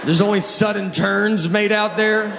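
A man's voice: sits high, steady tone, unhurried, creaky, a bit bright. A man doing stand-up comedy, rambling and exasperated as he tells a story. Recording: echoey hall with noise.

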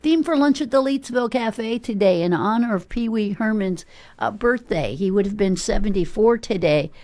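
A woman's voice: mid-range voice, expressive, moderate pace, darkish tone. A woman working as a local radio DJ, chatting loosely and reading the weather in a self-deprecating, easygoing way. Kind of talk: casual radio chat and weather read. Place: radio studio.

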